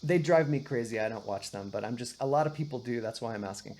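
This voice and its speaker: This woman has a bass voice, talks fast, and sounds a little mellow. Giving a private guitar and singing lesson, she patiently explains things, keeps asking "right?", and sings brief examples.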